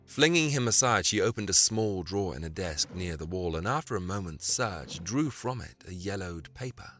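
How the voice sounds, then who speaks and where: A man narrating a story in an expressive, dramatic reading style. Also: sits low, moderate pace. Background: faint music.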